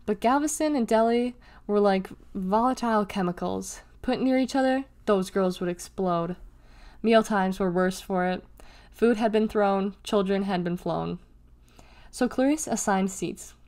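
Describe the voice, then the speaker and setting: A woman reads a children's novel aloud at a middle pitch. She lifts her voice for the characters' lines and drops it to a whisper at times. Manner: expressive, acts out dialogue with raised pitch and whispers. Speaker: reader.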